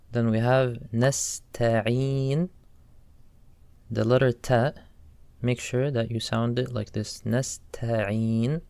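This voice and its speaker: Male Quran teacher for a recorded lesson, slow and even delivery, smooth clear voice, dry close sound. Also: medium pitch, no echo. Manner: slow, careful, demonstrates Arabic sounds.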